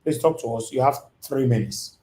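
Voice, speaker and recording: A man's voice: mid-range voice, moderate pace, mellow. A man with a Nigerian accent hosting a live-stream call-in show, casual and teasing, shifting between formal and street speech.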